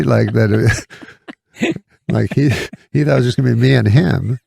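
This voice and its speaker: A male comedian telling a rambling anecdote in a deadpan, halting way, chuckling and restarting as he goes. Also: medium pitch, gravelly, breathy edge, no room sound. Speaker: comedian guest.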